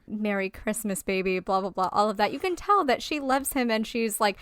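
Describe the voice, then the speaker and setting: Animated, swearing woman podcast co-host. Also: a little high, a little fast, clear, resonant tone, no room sound, clean studio sound. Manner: animated, swears freely, acts out quotes. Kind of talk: casual film discussion.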